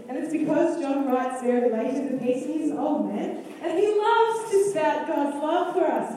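A woman's voice: sits high, lively intonation, moderate pace, dark tone, a little hiss or hum. A woman preaching a sermon, asking the congregation questions and acting out lines of scripture. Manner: interactive, asks the congregation questions; acts out quoted lines of scripture. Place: church hall. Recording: echoey hall, mic far off.

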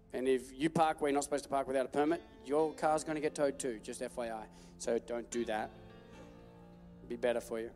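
Aussie guy pastor, sermon storytelling, playful, lots of echo. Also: a little high. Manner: animated, joking storytelling with acted-out quotes. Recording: long hall reverb.

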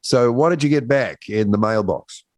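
A man's voice: mid-range voice, expressive, moderate pace, a little mellow, no room sound. A man hosting a breakfast radio show, chatting and joking easily with a guest. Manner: joking, easygoing banter. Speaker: radio host. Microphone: studio microphone.

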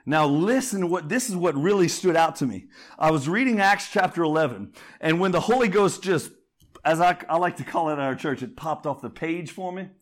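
A man's voice: on the high side, expressive, a little fast. A pastor preaching a sermon, calling out to the congregation as he builds to fervent peaks. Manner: call-and-response preaching, rising to fervent shouts.

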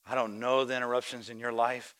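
A male pastor preaching a sermon. He acts out the voices of people in the story and swings between quiet reflection and loud, shouted exhortation. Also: mid-range voice, level tone, fairly quick. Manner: acts out voices of story characters and church members.

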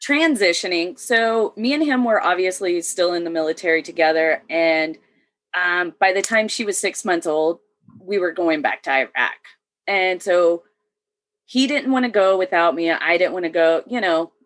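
A woman's voice: lowish voice, moderate pace. Chatty woman telling her own story. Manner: chatty, laughs often between sentences. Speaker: podcast guest; military veteran. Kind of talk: casual storytelling chat.

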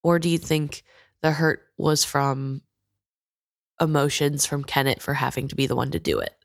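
A woman with a very low voice reflects on a sad chapter and poses questions to her co-host. Her tone is curious and thoughtful. The sound is dry and close. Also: steady tone, moderate pace, no echo. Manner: reflective, inquisitive. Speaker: podcast co-host. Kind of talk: casual chat about a book.

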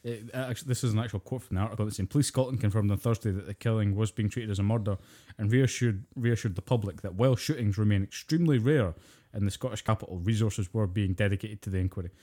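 Low, mellow-voiced swearing co-host. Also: male voice, fast talker, few pauses. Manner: profane, jokey, laughs easily. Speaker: podcast co-host. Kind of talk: casual chat.

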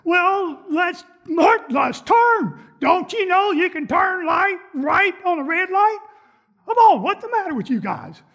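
A woman's voice: fairly high pitch, animated, unhurried, breathy edge. Woman acting out a grumbling, impatient churchgoer. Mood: shouting. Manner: exasperated complaining, rising to shouted impatience. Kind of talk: sermon skit.

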